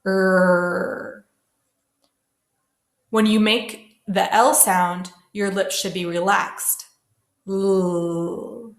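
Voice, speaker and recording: Slow-speaking woman teacher. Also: mid-range voice, steady tone. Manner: slow, careful, modelling sounds for repetition. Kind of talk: classroom pronunciation lesson. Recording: echoey room.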